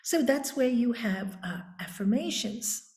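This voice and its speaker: A woman with a warm, mellow voice speaks unhurriedly, like a teacher. She tells reflective stories as a yoga guide. Her voice sits in a roomy, echoing space. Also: fairly high pitch, expressive. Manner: slow, deliberate teaching tone. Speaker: yoga teacher, interview guest. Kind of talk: reflective storytelling. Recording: roomy echo.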